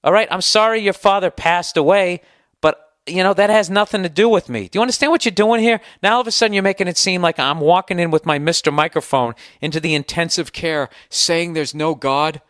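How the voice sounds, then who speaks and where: A man's voice: high-pitched, a little fast, a bit bright, no echo, clean studio sound. A middle-aged man with a Boston accent hosting a podcast, delivering a sarcastic, profane, heated rant. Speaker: podcast host. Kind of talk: ranting monologue.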